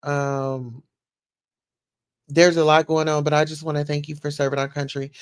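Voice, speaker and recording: A woman's voice: sits low, flat delivery, moderate pace, clear, resonant tone, dry recording, clean studio sound. A woman hosting a casual livestream, chatting as she reads news and viewer comments aloud and reacts to them. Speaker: livestream host.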